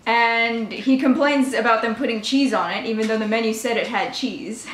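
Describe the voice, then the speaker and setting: A woman's voice: a little high, normal speed, a bit bright. A young woman telling a story on her vlog, swearing freely, laughing often and mocking the people she quotes. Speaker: vlogger. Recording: echoey room with faint noise.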